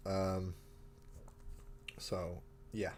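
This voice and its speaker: A man with a deep, low voice hosts a casual live stream from his home hobby room. He rambles and thinks aloud, often breaking off and restarting mid-sentence. A faint hum sits behind him. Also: completely flat delivery, very slow. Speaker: host of a live miniature-painting stream.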